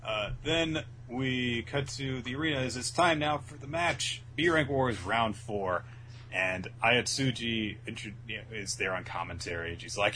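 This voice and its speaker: A man co-hosting a casual podcast, recapping a manga in a laid-back way and slipping in quick voiced asides for the characters. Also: mid-range voice, pushed and bright, slight background noise, low-quality recording. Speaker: podcast co-host.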